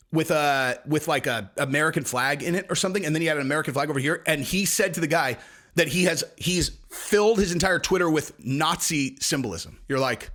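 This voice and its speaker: A man's voice: fairly high pitch, a bit bright. A man hosting a casual commentary rant, sarcastic and rambling, slipping into mocking quoted voices. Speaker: commentary video host.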